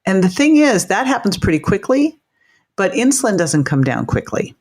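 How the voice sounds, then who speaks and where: A woman hosting a podcast, upbeat and animated, explaining things simply in casual talk. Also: mid-range voice, moderate pace, slightly rough. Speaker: podcast host.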